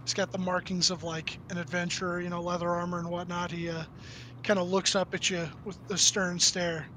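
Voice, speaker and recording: Bright high-voiced man running a tabletop game. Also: little pitch movement, brisk, a little hiss or hum. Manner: loose, chatty with fillers. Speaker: game master.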